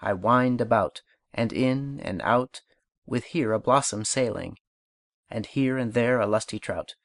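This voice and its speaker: Dry, measured male audiobook reader. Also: mid-range voice, no room sound. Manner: measured, unhurried recitation of verse and instruction. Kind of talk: scripted audiobook narration.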